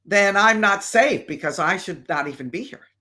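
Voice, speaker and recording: A woman hosting a live stream and answering viewer questions in a casual, deliberate way with many fillers. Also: medium pitch, expressive, bright, forceful tone.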